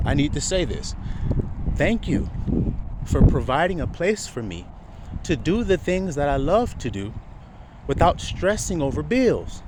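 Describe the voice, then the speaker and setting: A man's voice: a little high, background noise. A man preaching a sermon to his flock, asking rhetorical questions and chuckling often.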